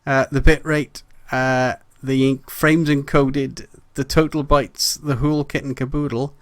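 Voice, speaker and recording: A man, hosting a podcast and handling the stream, talking in a lively, jokey way. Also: mid-range voice, unhurried, no echo. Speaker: podcast host running the stream. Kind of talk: casual chat.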